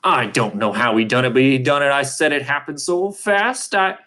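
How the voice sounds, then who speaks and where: A man reading aloud, voicing a poor young woman on the witness stand, defensive and shrill. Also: normal speed, fairly bright tone, lightly acted. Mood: defiant.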